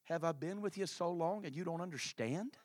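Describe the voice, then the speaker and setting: A preacher voicing a patient male teacher who gently chides his followers with measured questions. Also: a little high, no echo, natural voice. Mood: chiding.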